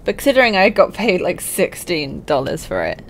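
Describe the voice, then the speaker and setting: A woman's voice: on the low side, huge pitch swings, moderate pace, slight background noise. A young woman hosting a let's-play, chatting casually as she plays and often laughing at her own mistakes. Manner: chatty, thinks aloud and laughs at herself. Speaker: gaming let's-play host. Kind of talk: casual game commentary.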